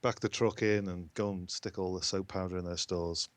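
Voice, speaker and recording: A man's voice: deep voice, fairly even intonation, normal speed, dry recording. A man with a Liverpool accent, calling in to a podcast and chatting in a joking, rambling way. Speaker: caller. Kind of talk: casual podcast chat.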